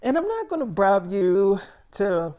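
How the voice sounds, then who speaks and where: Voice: mid-range voice, big pitch swings, measured pace, muffled recording. A storyteller voicing a nosy younger sister who teases her older sibling and threatens to tell their mother. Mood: teasing.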